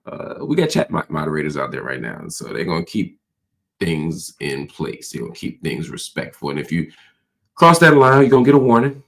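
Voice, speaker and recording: Man, very deep voice, hoarse with a cold, casual livestream host, chatty y'all talk. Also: big pitch swings, brisk, fairly bright tone, slight background noise. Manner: loose, conversational, addresses viewers as y'all.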